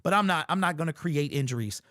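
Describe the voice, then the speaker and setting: A man's voice: on the high side, animated, fast, sharp tone, no echo. Man, sports commentary host, hyperbolic joking, dry close sound, slangy chatter.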